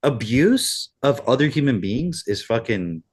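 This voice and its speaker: A man's voice: medium pitch, sing-song, measured pace, husky. A man co-hosting a podcast in casual chat, talking in an emphatic, profane rant. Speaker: podcast co-host.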